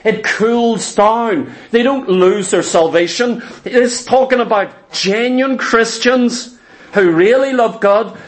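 A man's voice: very high voice, fairly bright tone. A man preaching a fervent, emphatic sermon that repeats phrases for stress.

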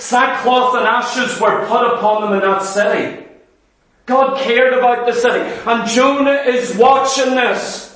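A man's voice: very high-pitched, fairly bright tone. A man preaching a sermon with passion, full of rhetorical questions and mock voices of his hearers. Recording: very echoey hall, voice from far off.

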